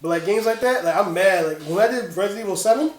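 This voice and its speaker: A man's voice: sits high, fast talker, roomy sound. A man co-hosting a casual gaming podcast, rambling and laughing as he tells stories. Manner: laughing, excitable, rambling storyteller. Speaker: podcast co-host. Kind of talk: casual chat.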